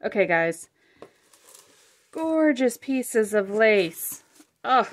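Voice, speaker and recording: A woman hosting a casual crafting vlog, unboxing supplies with chatty, gushing excitement and frequent fillers. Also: a little high, drawn-out words. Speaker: craft channel host.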